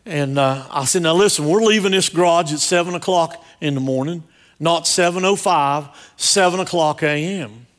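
A man's voice: a little high, normal speed. A man preaching a sermon as pastor, joking and directly quizzing his congregation. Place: church service.

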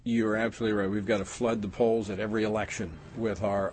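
A middle-aged man hosting a political talk show, brisk and agreeable with his guest. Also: lowish voice, level tone, a little mellow, slight background noise. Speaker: radio host.

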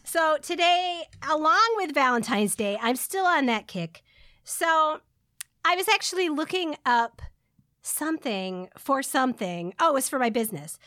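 A woman's voice: high-pitched, lively intonation, measured pace, bright, forceful tone, dry recording, clean studio sound. A woman co-hosting a podcast in casual chat, giggling often between her phrases. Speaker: podcast co-host.

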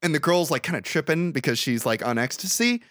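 A man's voice: fairly high pitch, fairly quick, dry recording, clean studio sound. A young man co-hosting a podcast, casually retelling a movie with lots of swearing. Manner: animated retelling with swearing and acted-out quotes. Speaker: podcast co-host. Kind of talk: casual movie recap chat.

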